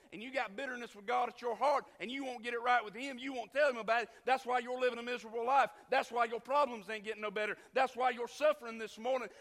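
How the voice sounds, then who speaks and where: The long reverb of what sounds like a church hall surrounds a traveling preacher's high, bright voice. Delivering his sermon with feeling, he tells his story while shifting between loud outbursts and near-whispers.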